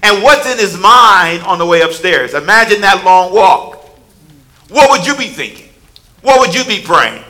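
Middle-aged male preacher, sermon delivery, slightly high, bright tense tone, dramatic dynamics. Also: lively intonation, measured pace, rough recording. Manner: dramatic, rising to shouts, call-and-response. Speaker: pastor.

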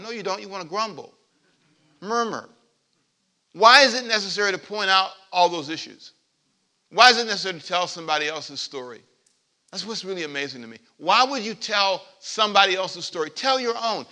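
Bright-voiced preaching pastor, a man. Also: high voice, moderate pace. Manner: lively preaching with call-and-response to the congregation; swings between loud emphatic points and quiet asides. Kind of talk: sermon. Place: church.

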